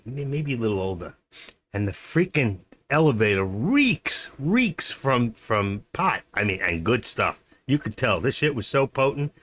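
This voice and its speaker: A man's voice: lowish voice, fairly bright tone. A middle-aged man hosting a live stream, chatting casually and rambling to himself as he trades. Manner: rambling, muttering to himself, chuckling storyteller. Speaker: livestream host and day trader. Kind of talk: casual live-stream chat while trading.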